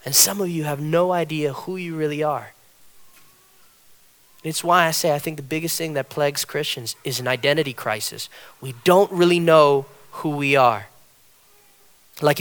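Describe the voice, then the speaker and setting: A man preaching a sermon from a church platform, animated and repetitive, acting out the people he quotes. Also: fairly high pitch. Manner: animated, repeats phrases, acts out quotes. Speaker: pastor.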